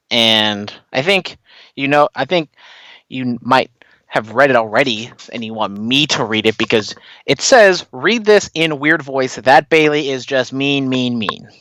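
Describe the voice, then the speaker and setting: A man's voice: medium pitch, fairly bright tone, no room sound. A man co-hosting a casual wrestling podcast, rambling and hedging with filler words. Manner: rambling, many "you know" fillers and restarts. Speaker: podcast co-host.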